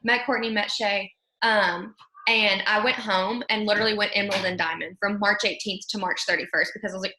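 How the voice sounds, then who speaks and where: A woman's voice: medium pitch, fairly even intonation, brisk, sharp tone, echoey room, a little hiss or hum. A woman hosting a casual motivational chat, talking freely with lots of fillers. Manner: chatty, fills with "like" and "you know". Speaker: host.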